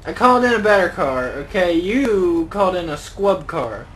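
A young man with a slightly high voice talks through his gameplay in a loose, rambling way. He jokes, grumbles and mutters exclamations to himself as he plays. A faint hiss of noise sits under the recording. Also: sing-song, normal speed, a bit bright, rough recording. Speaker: gaming channel host. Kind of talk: casual gameplay commentary.

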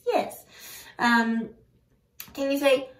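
A woman leading an online singing group through vocal warm-ups with cheerful, encouraging instructions. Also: high voice, fairly even intonation, very slow. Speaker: singing circle leader and vocal coach. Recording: roomy sound from a distant mic.

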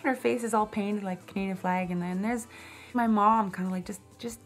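A woman's voice: mid-range voice, steady tone, fairly quick, soft background music. A woman in a documentary interview, telling a personal story reflectively with casual fillers.

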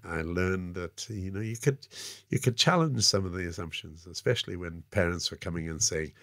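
Sixties man with a South African accent, deep, dry-miked podcast guest, loose anecdotal delivery. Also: moderate pace, a bit bright, dry recording. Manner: rambling, frequent "you know" fillers. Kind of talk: casual anecdotal storytelling.

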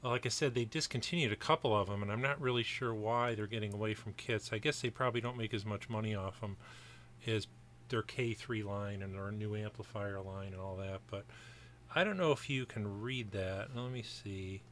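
Middle-aged guy from upstate New York, bright voice, talks his way through a kit build and wanders off into asides. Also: fairly low pitch, moderate pace, a little hiss or hum. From Buffalo, New York area, US. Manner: chatty, rambling asides with fillers. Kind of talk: casual workbench narration.

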